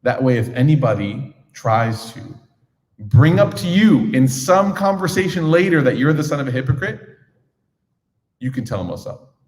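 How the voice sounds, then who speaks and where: A man teaching a young crowd in an easy, joking way, slipping into little acted scenes as he goes. His voice sits at an ordinary pitch. A big hall gives every phrase a long, trailing echo. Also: animated, moderate pace, darkish tone. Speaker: religious teacher. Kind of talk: lively talk to a young audience. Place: large echoing hall. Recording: echoey hall reverb.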